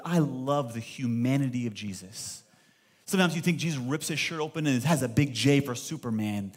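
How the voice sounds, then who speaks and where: A man pastor preaching to a live church congregation, emphatic and lively, throwing rhetorical questions to the room. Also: medium pitch, fairly quick. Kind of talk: sermon.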